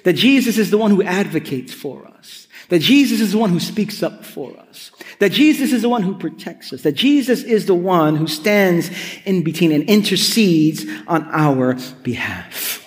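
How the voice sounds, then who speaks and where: A high-pitched man preaching a sermon in a reverberant hall, his words trailing into a long echo. He tells the story with animation and drops in playful, joking asides before building to earnest points. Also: animated, moderate pace. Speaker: pastor.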